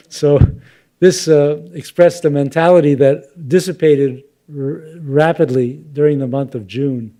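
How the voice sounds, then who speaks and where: Older man lecturing, mellow voice. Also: on the high side, fairly even intonation. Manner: thoughtful, unhurried, with fillers and asides. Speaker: professor giving a lecture. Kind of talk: public lecture with slides.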